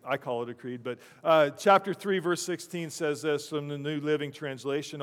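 High-voiced man preaching in a reverberant church. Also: steady tone, moderate pace, hardly any pauses, a bit bright. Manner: conversational, chuckling asides. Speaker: pastor. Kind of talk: sermon. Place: church sanctuary.

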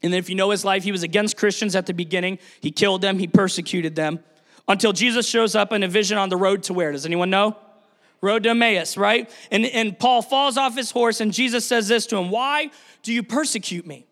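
A man preaching a sermon as pastor, energetic, putting questions to the congregation. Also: high-pitched, a little fast. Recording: long hall reverb.

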